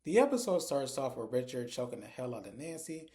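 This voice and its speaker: Mellow-voiced man recapping a TV episode. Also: mid-range voice, sing-song, fairly quick. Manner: casual, filler-heavy storytelling with frequent "like". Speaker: TV episode reviewer. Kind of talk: casual episode recap vlog.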